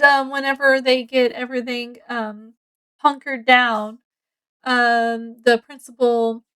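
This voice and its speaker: Slow, high-voiced woman retelling a story. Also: clear, resonant tone, poor audio. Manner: rambling, with many ums and self-corrections; acts out characters' lines with excitement. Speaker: book reviewer. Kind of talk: casual book review, retelling the plot.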